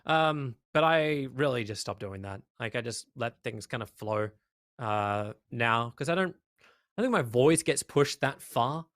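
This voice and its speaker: A man with an Australian accent, an esports caster chatting as a guest in an interview, emphatic and lively with lots of fillers. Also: medium pitch, measured pace, no room sound, studio quality. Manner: animated, emphatic, many fillers. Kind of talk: casual interview chat.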